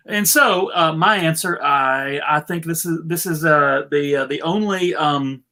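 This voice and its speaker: Slow-talking male show host, halting and self-interrupting, casual panel chat. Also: a little high, pushed and bright. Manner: halting, many restarts and laughs. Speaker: podcast host.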